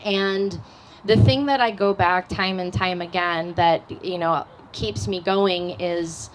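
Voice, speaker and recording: A woman who leads an outdoor nonprofit, speaking earnestly and with feeling on a live panel, with frequent pauses and fillers. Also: fairly low pitch, steady tone, noisy background. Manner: earnest and heartfelt, many fillers. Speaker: nonprofit outdoor group leader. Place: live event at a cafe.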